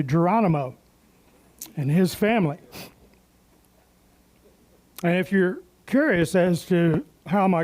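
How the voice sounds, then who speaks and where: A man's voice: sits high, a little mellow. A man emceeing a club meeting who tells folksy, joking stories and makes announcements.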